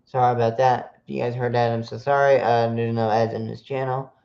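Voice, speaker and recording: Gravelly man rattling off basketball matchups. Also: mid-range voice, little pitch movement, brisk, a little mellow. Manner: rattles off matchups with fillers and restarts. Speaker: podcast host. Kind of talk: solo sports podcast stream. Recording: dull lo-fi sound.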